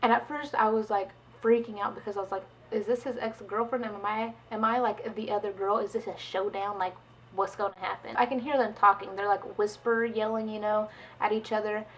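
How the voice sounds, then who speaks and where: A young woman talks through a storytime vlog in a relaxed, chatty way, acting out what everyone said. Her voice sits at a medium pitch, with faint noise behind it. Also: fairly quick, poor audio. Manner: chatty, animated, full of "like" and quoted dialogue. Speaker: vlogger. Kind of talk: casual storytime.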